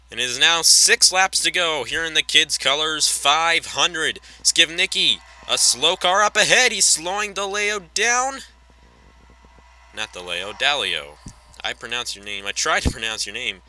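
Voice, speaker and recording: A man doing play-by-play race commentary in a voice that is very bright and sharp, pitched a bit high for a man. He calls the action in a rapid, chatty way, catches his own slips and drifts into offhand asides. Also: rough recording. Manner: rapid call with self-corrections and chatty asides.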